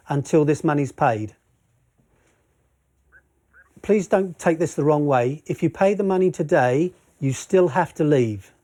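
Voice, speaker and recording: Speaking to tenants as part of his work, a middle-aged enforcement officer lays out an eviction firmly yet courteously, with frequent apologies. His voice is fairly high-pitched and mellow.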